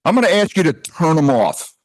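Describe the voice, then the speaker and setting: A man's voice: on the high side, big pitch swings, fairly quick. An older man giving a loose, chatty talk at a retreat, joking and often wandering off his point. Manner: chatty, rambling, self-interrupting, jokey. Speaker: retreat speaker. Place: retreat house hall.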